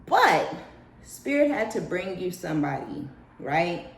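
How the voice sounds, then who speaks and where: A woman giving a casual spiritual reading in a profane, animated way. She jumps into high mocking voices and laughs often. Her voice carries an echoey room sound. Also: unhurried, gravelly. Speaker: tarot reader.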